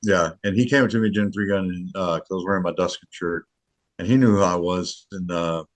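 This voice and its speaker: Deep-voiced man talking earnestly. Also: fairly even intonation, fairly quick. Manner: earnest, rambling, many restarts. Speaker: match director. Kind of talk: casual podcast chat.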